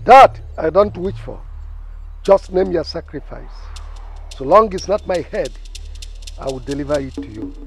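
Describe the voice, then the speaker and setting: A man's voice: on the high side, lively intonation, a little slow, vocal fry, pauses often. An actor with a Nigerian accent playing a desperate man who formally greets and pleads with a spirit. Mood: pleading. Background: background music.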